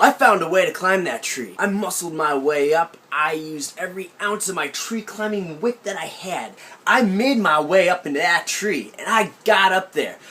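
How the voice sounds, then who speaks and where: A young man vlogging from his aunt's country house, telling a childhood story with a playful, mock-serious delivery. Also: high-pitched. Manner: animated, playful deadpan storytelling. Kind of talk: comic storytelling vlog.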